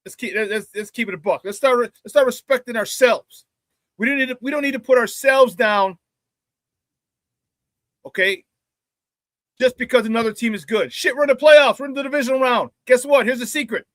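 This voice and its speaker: A man hosting a casual sports talk show, animated, laughing easily and greeting viewers by name. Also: very high voice, moderate pace, long pauses, no room sound, studio quality.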